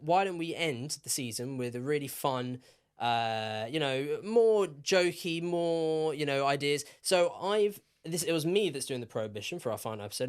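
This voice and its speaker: A man's voice: fairly high pitch, smooth. A young man co-hosting a podcast in casual, rambling chat, teasing his friend. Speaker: podcast co-host.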